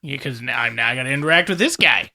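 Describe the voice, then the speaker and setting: A man playing a tabletop role-playing game, speaking casually and sometimes halting. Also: mid-range voice, expressive, vocal fry, sharp tone. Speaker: player.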